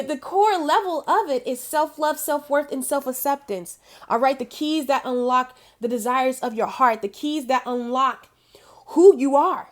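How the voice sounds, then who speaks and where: High-voiced woman giving emphatic encouragement. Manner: emphatic and encouraging, repeats key phrases; laughs often while talking. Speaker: intuitive spiritual guide. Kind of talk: motivational talk to camera.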